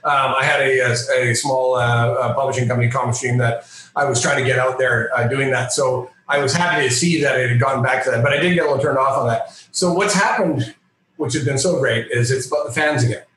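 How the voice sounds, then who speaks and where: Animated storyteller man in an echoey room. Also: mid-range voice, fairly quick, a little hiss or hum. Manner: lively, self-mocking storyteller. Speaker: guest, comic book and storyboard artist.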